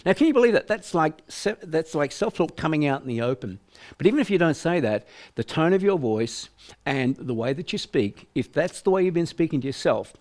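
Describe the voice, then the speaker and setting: Older Australian man, sales trainer, emphatic delivery, plays out examples. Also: a little high. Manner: emphatic, acts out voices to illustrate. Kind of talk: business training presentation.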